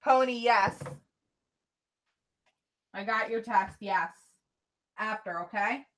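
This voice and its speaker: A woman's voice: medium pitch, takes it slowly, fairly bright tone. A woman vlogger giving tarot card readings in a chatty, casual way, talking straight to her viewers.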